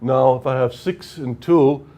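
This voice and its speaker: Guy giving a workshop lecture, mellow voice, explains step by step, keeps saying right?. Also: mid-range voice, unhurried. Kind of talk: technical lecture at whiteboard.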